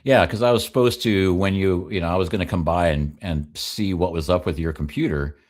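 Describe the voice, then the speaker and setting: Very deep-voiced wry male panelist. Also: fairly quick, a little mellow. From Oregon. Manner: wry, joking, laughs often. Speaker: regular panelist. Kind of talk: casual panel talk.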